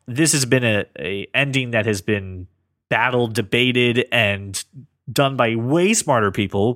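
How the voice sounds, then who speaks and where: A man co-hosting a casual podcast, talking earnestly about comics and thinking out loud with lots of restarts. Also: fairly low pitch, no echo, studio quality. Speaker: podcast co-host.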